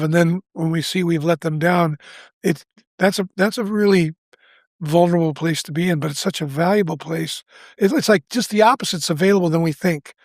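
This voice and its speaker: An older man in his seventies with a gravelly, husky voice that sits a bit high for a man. He tells a personal story earnestly on a podcast, often restarting his sentences and acting out what people said. The sound is close and dry. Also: darkish tone, no echo. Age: 70s. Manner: earnest, restarts often, acts out quoted lines. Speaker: guest. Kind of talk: candid storytelling in a podcast interview.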